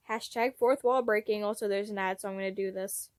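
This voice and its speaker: A woman's voice: mid-range voice, steady tone, fairly quick, few pauses, no room sound, studio quality. A woman reading fanfiction aloud at home, with gushing, giggly fan asides. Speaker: fanfiction reader.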